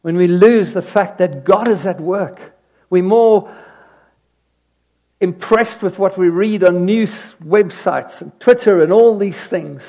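A man preaching a sermon, telling a personal story with animated emphasis that drops into hushed asides. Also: high-pitched, slow pace.

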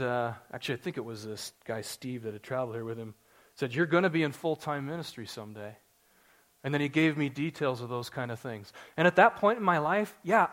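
A man in his forties preaching a sermon to his congregation, earnest and story-driven, building to excited emphasis. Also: medium pitch. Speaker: pastor.

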